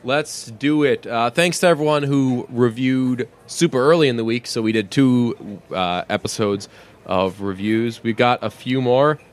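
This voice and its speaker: A man's voice: mid-range voice, a little slow. A young man co-hosting a podcast in casual chat, rambling through stories and laughing often. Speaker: podcast co-host.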